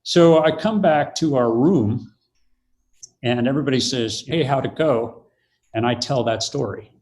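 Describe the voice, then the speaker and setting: Older man telling a lively story. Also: medium pitch, a little slow. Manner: animated storyteller, acts out quoted voices. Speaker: podcast guest. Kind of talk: storytelling in conversation.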